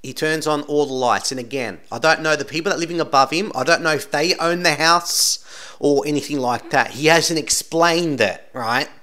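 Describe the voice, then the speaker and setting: A man's voice: fairly high pitch, normal speed, bright, forceful tone. A man talking through video clips in casual commentary, insistent and rambling, tagging almost every sentence with "right?". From Australia. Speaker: channel host commenting on videos.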